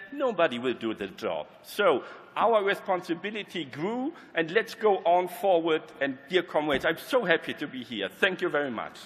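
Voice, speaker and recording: A man with a German accent gives an emphatic convention speech, his pitch swinging widely and sitting a little high. Long hall reverb trails his words. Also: fairly bright tone. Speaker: convention speaker. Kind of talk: short speech.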